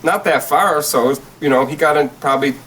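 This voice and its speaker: A man's voice: on the high side, fairly quick, fairly bright tone, slight background noise, low-quality recording. A man from Michigan, a guest musician chatting casually on a podcast, laid-back and often laughing as he trails off. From Saginaw, Michigan.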